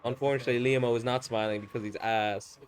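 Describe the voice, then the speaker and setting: A man doing casual live commentary on a fighting game, loud and teasing, swearing freely. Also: medium pitch, steady tone, fast talker. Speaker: esports commentator.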